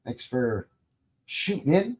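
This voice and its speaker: A middle-aged Canadian man hosts a live stream in a loose, rambling chat. His folksy delivery is full of fillers and restarts. His pitch rises and falls in a lively, animated way. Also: takes it slowly.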